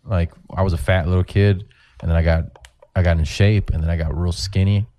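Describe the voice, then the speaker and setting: A comedian in his forties, guesting on a podcast, tells rambling, profane stories in casual chat. His voice sits low and runs a little fast, with no room sound, and his storytelling is animated.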